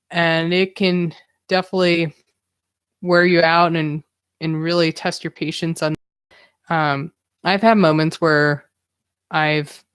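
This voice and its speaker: Woman podcast host, smooth clear voice, lowish pitch, dry close sound, candid rambling chat. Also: dry recording. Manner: candid, rambling, self-reflective. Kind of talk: casual solo live-stream talk.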